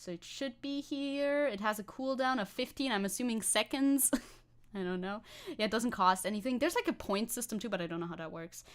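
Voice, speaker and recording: Woman streamer with a somewhat high voice who rambles to her chat and breaks into laughs. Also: a little fast. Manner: rambling, giggly, talks to chat while typing. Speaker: VTuber streamer. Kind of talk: casual live-stream chat.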